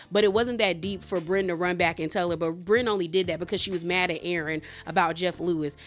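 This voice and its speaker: In a medium-pitched voice, a woman recaps a reality TV episode casually and chattily, using plenty of slang. She retells the arguments by quoting them in an animated way.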